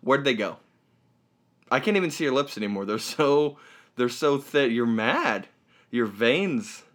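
A man's voice: medium pitch, expressive, unhurried, a bit bright. A man hosting a comedy podcast, chatting casually in a playful, teasing and rambling way.

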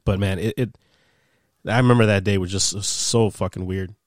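A man's voice: sits low, normal speed, no echo, studio quality. A young man, a podcast guest, casually telling stories from his radio days, swearing freely and acting out what people said. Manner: animated, swears freely, acts out quoted dialogue. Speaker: podcast guest, former sports radio producer. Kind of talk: casual storytelling chat.

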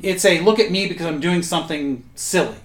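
A man co-hosting a casual podcast discussion, making quick witty quips. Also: on the high side. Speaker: podcast co-host. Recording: roomy echo.

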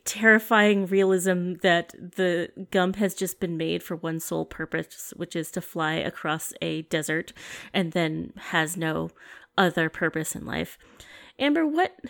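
A woman's voice: on the low side, creaky. A woman hosting a casual chat, talking hesitantly with many fillers. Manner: slow, hesitant, lots of fillers.

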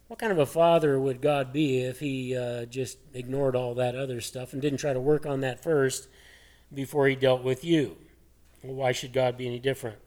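A man's voice: medium pitch, fairly even intonation, a little fast, a little mellow. A man preaching a sermon, teaching earnestly and asking rhetorical questions in a plain, conversational way. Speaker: pastor.

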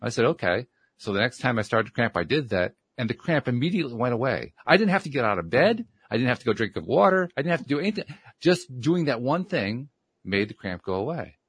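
A man co-hosting a casual talk show, telling a personal story in a reflective, measured way. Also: medium pitch, big pitch swings, husky, no room sound.

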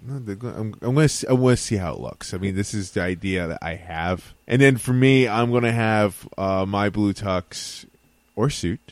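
A man's voice: lowish voice, moderate pace, no room sound. A young man co-hosting a podcast, chatting casually and pushing back defensively, with some swearing. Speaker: podcast co-host. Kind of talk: casual chat.

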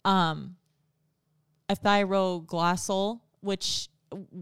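Young woman, casual storytelling, rambling with fillers, crisp voice. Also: medium pitch, steady tone, drawn-out words, fairly bright tone, dry recording, clean studio sound. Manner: rambling, many fillers like "like" and "you know".

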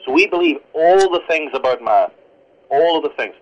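A man from Northern Ireland, a pastor, speaking as a radio interview guest in a fast, earnest teaching manner. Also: on the high side, expressive. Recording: lo-fi radio broadcast.

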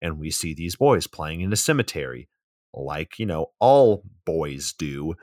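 A man's voice: extremely low pitch, a little slow, dry recording. A young man co-hosting a comedic podcast, recapping a movie plot with dry, crude humor. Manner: dry, deadpan, crude joking. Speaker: podcast co-host.

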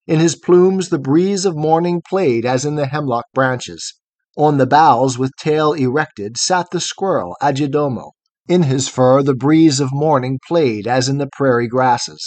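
A man narrating a long poem in a measured, rhythmic recitation. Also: fairly high pitch, darkish tone, dry recording. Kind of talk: scripted poetry reading.

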